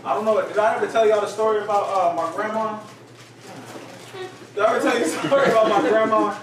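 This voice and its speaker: Male group leader, lively storyteller, slightly high voice, picked up from a distance in an echoey, noisy room. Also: quick pace, a loud crowd. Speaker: teacher leading a group study. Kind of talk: casual group teaching.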